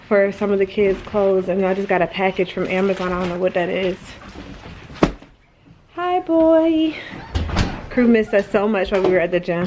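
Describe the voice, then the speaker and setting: A woman chatting casually to her viewers in a daily vlog, slipping into high baby talk when she speaks to her dog. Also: noisy background. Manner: relaxed, chatty, talks to viewers as y'all. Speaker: vlogger.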